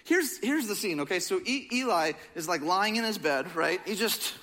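Young male pastor, high bright voice, casual animated sermon. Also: moderate pace. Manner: casual, joking, animated storytelling.

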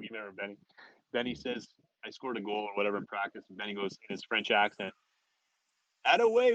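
A man's voice: medium pitch, no echo, poor audio. A man in his forties, a former hockey player, telling a story casually with laughs and restarts. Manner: animated, laughing, many restarts.

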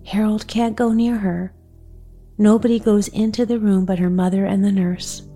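Woman doing a breathless worried young girl, storybook style, mellow tone. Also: mid-range voice, steady tone, moderate pace, soft background music, close to an everyday voice. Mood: anxious. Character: excitable young neighbor girl.

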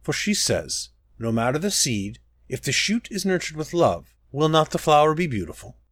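Man doing a calm wise priestess, raised voice, lively lilt, dry sound, read like a storybook. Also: on the high side, moderate pace, dry recording, voice pushed up. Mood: tender. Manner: gentle and wise. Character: serene, playful woman priestess, the Sibyl.

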